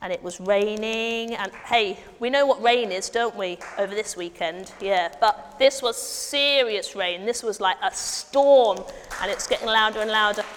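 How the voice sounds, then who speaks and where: A woman's voice: medium pitch, a little slow. A woman leading an interactive children's Bible story, coaxing the children to act along in a church hall. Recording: long hall reverb, faint noise.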